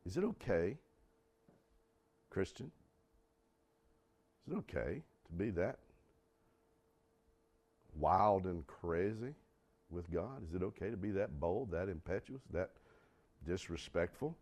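A man preaching a sermon, acting out dialogue and putting questions to the congregation, swinging from loud outbursts to quiet asides. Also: low voice, animated, takes it slowly, pauses often. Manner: acts out quoted dialogue, asks the congregation questions. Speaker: pastor.

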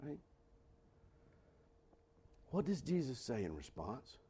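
An older man preaching a sermon, repeating lines for emphasis and swinging from shouts down to hushed whispers. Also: medium pitch, big pitch swings, husky. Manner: dramatic shifts from shouting to hushed whispers, with laughs; preaching slowly with emphatic repetition. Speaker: pastor.

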